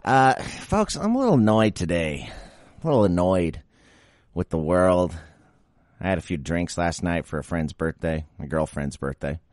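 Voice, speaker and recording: Young adult male podcast host, very low voice, dry close sound, irritated ranting delivery. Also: sing-song, normal speed, darkish tone, no room sound. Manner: grumbling, exasperated, mocks baby talk. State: a bit sick after drinking. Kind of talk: casual solo rant.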